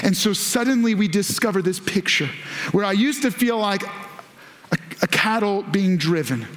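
Man, pastor, preaching, animated, high-pitched, echoey auditorium. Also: unhurried. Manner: animated preaching, rises in pitch when quoting scripture. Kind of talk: sermon. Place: large church auditorium. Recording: echoey hall.

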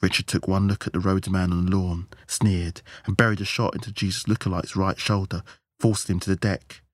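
A man narrating an audiobook in a measured, steady storytelling style. His voice is very deep, and the recording is dry and close with no room sound. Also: no room sound. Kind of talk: scripted narration.

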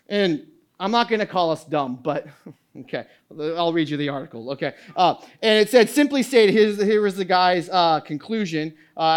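A woman pastor preaching a sermon, emphatic and full of repeated questions. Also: medium pitch. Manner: emphatic, questioning, with quoted asides.

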